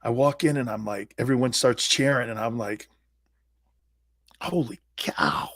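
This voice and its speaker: A man's voice: mid-range voice, fairly even intonation, fairly quick, a bit bright, dry recording. A man in his fifties, a sports talk host and former pro player, telling personal stories in a blunt, emphatic way with salty slang. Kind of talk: animated personal storytelling.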